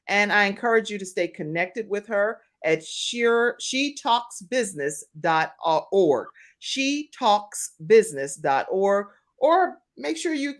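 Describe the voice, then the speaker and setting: A woman in her forties hosting a live talk show, chatting and laughing as she reads out viewer comments. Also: mid-range voice.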